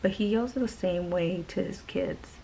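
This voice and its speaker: A young woman tells a rambling storytime vlog at home, speaking casually with many filler words. Her voice sits a little low and has a gravelly, fry-laden edge. Faint noise hums under the camera mic. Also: unhurried, mellow, poor audio. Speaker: vlogger. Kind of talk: casual storytime while doing makeup.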